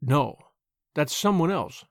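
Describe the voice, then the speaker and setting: Brief: uneasy signalman in a storybook reading , a man voicing him, low hushed voice, grave halting delivery, dry close sound. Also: expressive, dry recording. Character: haunted, troubled middle-aged male railway signalman.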